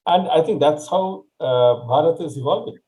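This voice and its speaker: A man's voice: fairly high pitch, moderate pace, dark tone, poor audio. A man hosting a casual talk-show interview, hesitant with many fillers and repeated words. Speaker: host.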